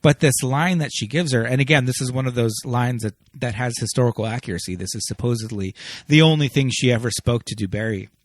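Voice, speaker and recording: A man's voice: mid-range voice, fast, dry recording, clean studio sound. A man co-hosting a film podcast in loose, casual conversation, full of restarts and asides. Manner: chatty, loose, lots of restarts and "like". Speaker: podcast co-host.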